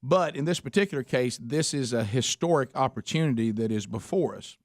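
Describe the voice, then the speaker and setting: Earnest radio host, dry studio. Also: male voice, medium pitch, lively intonation, no echo. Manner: earnest, halting, many restarts. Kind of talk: casual talk radio chat. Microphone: studio microphone.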